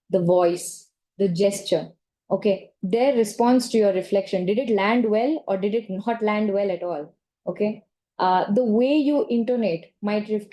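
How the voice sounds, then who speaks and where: Mellow-voiced woman giving a lecture. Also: medium pitch. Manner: conversational, frequent "right?" and "okay?" check-ins. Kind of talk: online training lecture.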